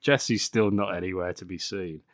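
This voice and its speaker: A man's voice: low-pitched, steady tone, normal speed, no room sound, clean studio sound. A man hosting a podcast, sarcastically recapping a bad film with frequent swearing and laughter. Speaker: podcast host.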